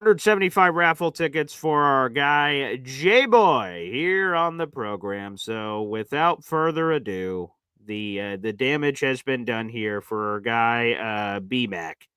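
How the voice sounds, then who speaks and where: Man, sports livestream host, hyped, bright voice, dry close sound. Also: medium pitch, expressive, slow, hardly any pauses, clean tone, no echo. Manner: hyped, calls viewers baby. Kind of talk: casual livestream chat.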